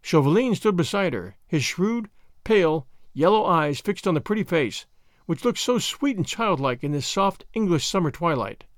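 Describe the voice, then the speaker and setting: A man narrating a classic novel in an expressive storybook reading, recorded close to the microphone. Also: a little high, normal speed, no echo. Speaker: audiobook narrator. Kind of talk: scripted narration.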